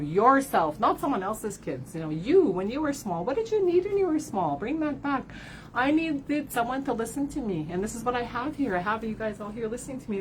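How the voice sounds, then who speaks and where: A woman's voice: mid-range voice, a little hiss or hum, rough recording. Tearful, candid woman card reader. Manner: candid, swears, often tags "right?". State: tearful at times. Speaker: card reader and spiritual advisor. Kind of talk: emotional livestream talk to followers.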